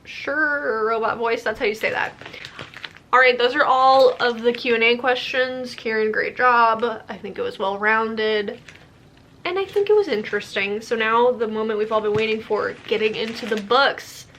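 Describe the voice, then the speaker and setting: Young woman, slightly high voice, chatty book vlogger, gushing with quick asides. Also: fairly bright tone, a little hiss or hum. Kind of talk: casual vlog Q&A and book unboxing.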